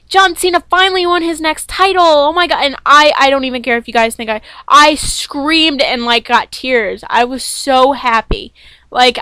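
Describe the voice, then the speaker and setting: Chatty, rambling young woman with a bright voice. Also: a little high, clean tone, dry recording. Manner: rambling and chatty, with many fillers and restarts; excitable and self-deprecating. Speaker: wrestling fan vlogger reviewing a show. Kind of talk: casual excited recap.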